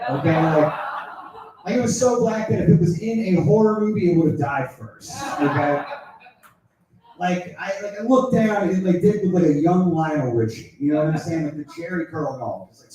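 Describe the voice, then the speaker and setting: A man in the middle of a stand-up routine, rambling through a crude story with endless fillers. His fairly high voice comes from some distance off the mic and rings through a very echoey room. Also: expressive, normal speed, crowd noise. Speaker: stand-up comedian. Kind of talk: stand-up set.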